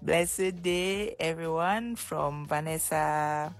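Giggly woman sending a slow radio voice note. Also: low-pitched. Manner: giggly, chatty. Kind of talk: casual voice message.

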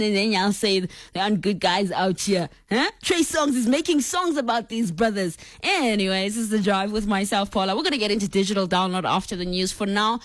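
A woman's voice: mid-range voice, normal speed, hardly any pauses, no room sound. South african lady on the radio, chatty and playful, close dry studio mic, talking right to the listeners. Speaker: radio show host. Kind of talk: call-in radio chat. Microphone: studio microphone.

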